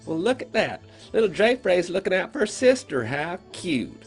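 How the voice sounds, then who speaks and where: A man's voice: lowish voice, big pitch swings, normal speed, a bit bright, soft background music, voice pushed up. A man voicing a cocky, cruel schoolboy bully who sneers and mocks. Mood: sneering. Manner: sneering, mocking.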